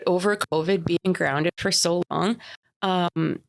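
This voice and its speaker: A woman in her thirties from Canada, chatting casually as a podcast co-host. She has a somewhat low voice and laughs often as she tells stories. The sound is dry and close. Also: slow pace, vocal fry, no echo. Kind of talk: casual chat.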